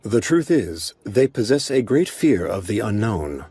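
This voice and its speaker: A man voicing a calm, emotionless stone golem lord in an anime English dub, speaking in a measured, flat way. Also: on the low side, husky, dry recording, heavily acted. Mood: calm, grave. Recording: soundtrack music behind.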